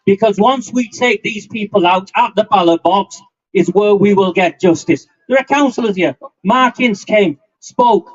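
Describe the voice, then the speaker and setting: Angry guy in his 50s shouting at a street rally, fairly high voice, muffled lo-fi sound. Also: measured pace, husky. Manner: angry, forceful, defiant. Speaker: rally speaker. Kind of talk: impassioned outdoor rally speech. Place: outdoor street demonstration. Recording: muffled lo-fi outdoor recording.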